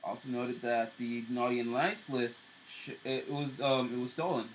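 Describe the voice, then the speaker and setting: A man's voice: mid-range voice, fairly even intonation, normal speed, a little hiss or hum, poor audio. A man co-hosting a show, casually recapping TV episodes with loose fillers and restarts. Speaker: show co-host.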